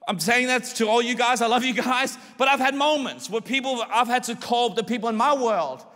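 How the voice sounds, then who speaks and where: A male pastor preaching a sermon in an animated way, acting out the voices of people in his stories. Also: extremely high pitch, fairly quick, hardly any pauses. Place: large church hall. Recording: reverberant church hall.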